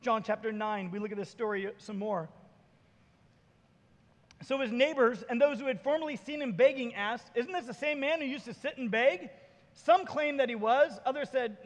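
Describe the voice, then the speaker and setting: A man with a very high voice preaches in a church, telling stories animatedly and slipping into the voices of the people in them. His words ring out with the long reverb of a large hall. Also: fast talker, dull audio. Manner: animated storytelling, acting out voices. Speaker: pastor. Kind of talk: sermon. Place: church sanctuary.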